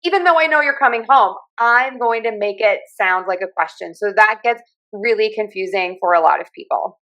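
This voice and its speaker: A woman from Pittsburgh with a Pittsburgh accent, a speech pathologist and communication coach explaining accent features in a clear, friendly teaching manner. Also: mid-range voice, moderate pace, a bit bright, poor audio. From Pittsburgh, USA. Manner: clear, friendly teacher who demonstrates sounds.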